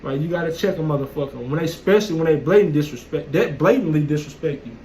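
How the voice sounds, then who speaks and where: A man's voice: on the high side, quick pace, dark tone, slight background noise, low-quality recording. A man telling a casual, profane story in a blunt, streetwise way. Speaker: vlogger. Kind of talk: casual monologue.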